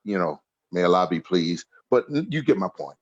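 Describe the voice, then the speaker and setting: A man's voice: low-pitched, big pitch swings, a little fast, lo-fi sound. Laughing storyteller in his sixties. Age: 60s. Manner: humorous, laughs through his stories. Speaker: podcast guest. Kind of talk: casual storytelling interview.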